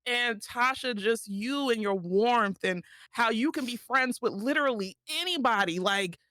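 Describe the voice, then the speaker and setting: A woman's voice: a little high, unhurried, pushed and bright, no echo, clean studio sound. A woman streamer, talking tearfully and affectionately to her friends in casual chat.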